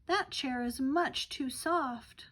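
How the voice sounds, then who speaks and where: Fussy little girl for a storybook reading, light and a bit high, as a woman puts her on. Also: slow pace, fairly bright tone.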